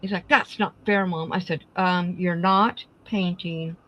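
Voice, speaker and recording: A woman's voice: fairly low pitch, steady tone, a little slow, muffled recording. A middle-aged woman hosting a craft live stream, casually telling family stories and acting out the dialogue. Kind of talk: casual storytelling chat.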